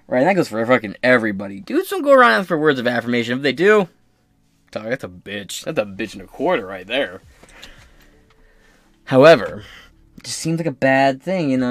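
A man's voice: medium pitch, fairly bright tone, no echo. A man hosting a podcast, ranting crudely with constant swearing and mocking impressions. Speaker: podcast host. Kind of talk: profane ranting commentary.

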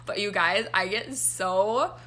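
A young woman co-hosting a casual chat, animated and quick to groan in mock disgust. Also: medium pitch. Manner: chatty, animated, exaggerated groans. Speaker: podcast co-host.

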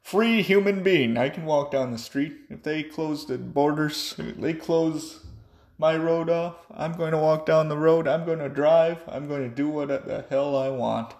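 A man's voice: a little high, unhurried, darkish tone. A young man ranting angrily and profanely in a monologue. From United States. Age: young adult. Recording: echoey room.

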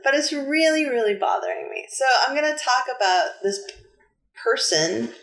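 A woman from New England co-hosts a casual podcast, her fairly high voice leaping all over as she tells a story with lots of emphasis. The room around her rings with noticeable echo. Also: animated, normal speed, a bit bright. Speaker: podcast co-host. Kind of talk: casual chat.

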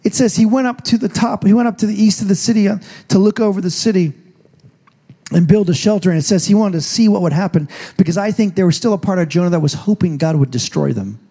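A man's voice: high-pitched, quick pace, vocal fry, dark tone, husky. A man preaching a sermon as pastor, telling the story in a casual, joking way. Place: church stage.

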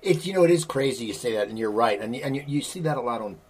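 Husky-voiced man asking rambling questions. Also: mid-range voice, lively intonation, quick pace, a little mellow. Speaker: podcast host. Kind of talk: casual interview chat.

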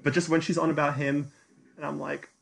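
A man co-hosting a podcast in casual chat, animated and teasing, often laughing. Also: a little high, fairly quick, vocal fry. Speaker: podcast co-host.

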